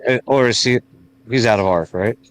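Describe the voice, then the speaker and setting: A man playing a tabletop wargame, checking out loud which ships can still fire. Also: mid-range voice, normal speed. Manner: checks rules out loud, restarts phrases. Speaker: player. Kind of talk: casual tabletop game chat.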